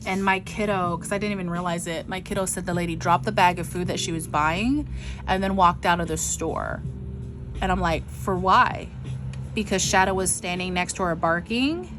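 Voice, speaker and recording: A woman's voice: lowish voice, moderate pace, background noise. A middle-aged woman telling a rambling, frustrated story in a casual vlog, full of likes and ums. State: frustrated, near tears. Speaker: vlogger.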